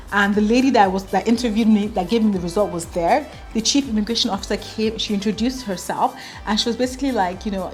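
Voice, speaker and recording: A young woman in her twenties from Nigeria, telling a personal story to the camera, earnest and full of "like", acting out the dialogue. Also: mid-range voice. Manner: earnest, heavy use of "like", retelling dialogue. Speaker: vlogger.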